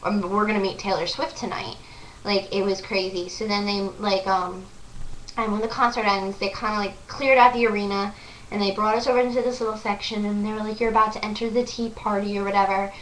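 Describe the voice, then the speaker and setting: A young woman vlogger excitedly telling a story to the camera, gushing and full of "like" fillers. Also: mid-range voice, a little fast, far from the mic, slight background noise. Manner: breathless, gushing, lots of "like" fillers. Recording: echoey room, voice off-mic.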